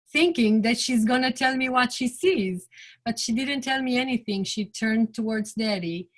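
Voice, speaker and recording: A woman in her forties speaks an earnest personal testimony at a middle pitch. She talks haltingly, restarting often, and her phrases fall soft and quiet at the ends. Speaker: bereaved mother sharing her story.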